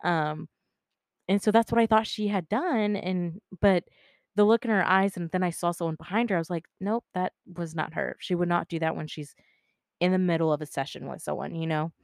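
Brief: woman, lower voice, dry close sound, chatty storyteller who swears and quotes people. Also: a little fast, gravelly, dry recording. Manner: chatty, filler-heavy, swears freely; acts out dialogue in quotes. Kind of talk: casual storytelling.

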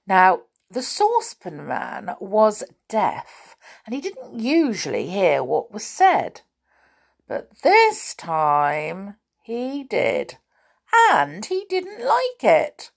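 A woman reading a children's story aloud in an expressive, animated way. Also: mid-range voice, very slow, creaky.

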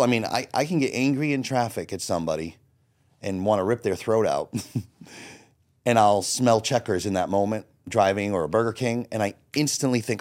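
Blunt, low-voiced man in his forties. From Florida. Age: 40s. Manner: blunt, profane, lively retelling with quoted inner thoughts. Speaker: guest. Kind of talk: candid personal storytelling.

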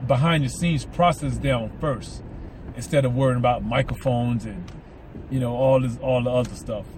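Southern-accented male podcast host, slight lisp, rambly and eager, street noise audible. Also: mid-range voice. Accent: Southern American. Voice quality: slight lisp from mouth aligners. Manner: rambling, repeats words, enthusiastic. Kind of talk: casual solo podcast monologue.

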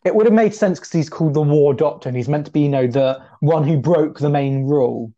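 A man's voice: fairly high pitch, a little fast, warm tone. A young man co-hosting a podcast, chatting in a rambling way and often pulling the talk back on track. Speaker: podcast co-host. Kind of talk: casual chat. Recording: dull lo-fi sound.

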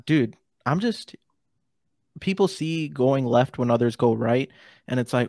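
A man's voice: medium pitch, expressive, a little slow, darkish tone, no echo, clean studio sound. A man hosting a casual podcast conversation, talking in a rambling way with many fillers and restarts. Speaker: podcast host.

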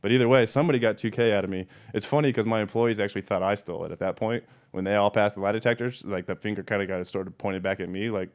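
Man, fast and a bit low-pitched, blunt, swears a lot, casual storytelling host. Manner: profane, blunt, animated storyteller. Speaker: podcast host.

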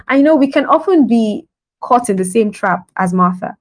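A woman's voice: fairly high pitch, animated, moderate pace, low-quality recording. A woman giving a devotional sermon on a podcast in a conversational style, laughing often and acting out the scenes she describes. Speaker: podcast preacher.

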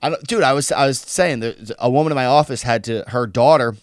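A man's voice: mid-range voice, a little fast, no room sound, studio quality. A young man co-hosting a podcast, talking in a loose, rambling way and swearing often. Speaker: podcast co-host. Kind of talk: casual podcast chat.

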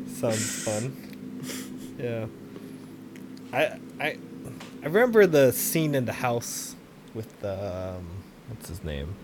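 A man's voice: medium pitch, very animated, extremely slow, pauses often, background noise. A man co-hosting a podcast in casual chat, laid-back and rambling as he talks. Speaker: podcast co-host.

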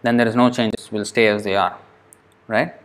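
A man's voice: fairly low pitch, fairly even intonation, a bit bright. Patient man teaching pronunciation. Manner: patient, repeats words slowly to show how they sound. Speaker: Sanskrit teacher. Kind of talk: explaining pronunciation to a class.

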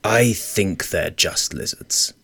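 A man's voice: sits low, animated, takes it slowly, gravelly, fairly bright tone, slightly rough, exaggerated voice. An actor playing a weary male library colleague, dry, patient and skeptical. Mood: wry. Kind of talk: audio drama dialogue.

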